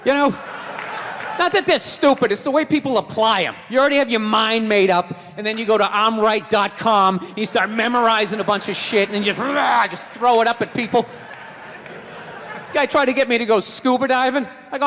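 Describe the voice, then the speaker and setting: A man doing a stand-up set, animated and shouting his punchlines. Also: extremely high pitch, fairly quick. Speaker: stand-up comedian. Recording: live room with long reverb, faint noise.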